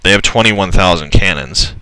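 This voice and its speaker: A young man casually commentating a strategy game, excitable and swearing, often laughing in disbelief. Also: low voice, normal speed, dry recording, rough recording. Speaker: gameplay commentator. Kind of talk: casual let's-play commentary.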